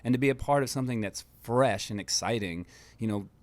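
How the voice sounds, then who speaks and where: An American man speaks as a radio guest, relaxed and reflective, filling his thoughts with easy pauses. His voice sits at a middle pitch for a man. The studio sound is dry and close. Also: no room sound. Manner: relaxed, reflective, with many fillers like you know. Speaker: guest musician and producer. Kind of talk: casual interview chat.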